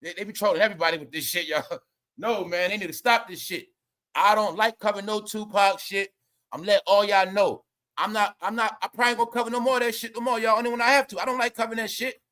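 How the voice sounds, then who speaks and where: A young man hosting a live gossip commentary stream, loud and laughing, often calling out to viewers. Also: high voice, fairly even intonation, fast. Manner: loud, laughing, repetitive, addresses viewers as y'all. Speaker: commentary host.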